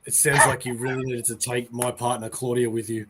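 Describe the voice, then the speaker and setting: A man hosting a casual chat on a video call, talking hesitantly with many pauses and chuckles. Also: medium pitch, flat delivery, background noise. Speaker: host.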